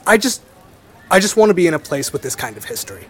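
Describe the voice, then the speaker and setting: Brief: young man telling his story, animated, slightly high voice. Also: fast. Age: young adult. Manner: relaxed, wry, laughs easily. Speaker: interviewee. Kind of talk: conversational interview.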